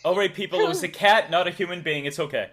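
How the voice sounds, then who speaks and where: A man's voice: high voice, quick pace, fairly bright tone. A man with a Massachusetts accent hosting a live stream, chatting casually, laughing often and reading out donations. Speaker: streamer host.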